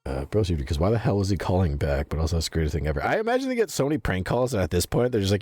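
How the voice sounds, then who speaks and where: A man's voice: sits low, big pitch swings, rapid-fire, few pauses, darkish tone, slightly rough, no echo. A young man streaming a game, telling stories casually, swearing a lot and laughing often. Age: young adult. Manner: profane, laughing storyteller. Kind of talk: casual gaming stream chat.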